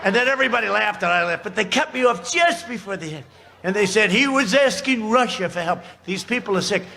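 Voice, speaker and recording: Brisk and creaky, this high-pitched political speaker uses lively intonation as he boasts, mocks, and wanders into asides at a podium microphone. The outdoor campaign rally's large crowd roars and cheers in the background.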